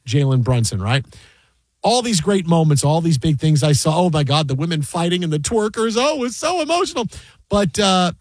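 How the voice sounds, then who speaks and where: New guy gushing on a sports show, higher voice, dry close sound. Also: darkish tone, dry recording. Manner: rambling, emotional, restarts a lot. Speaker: sports talk host. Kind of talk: excited sports talk chat.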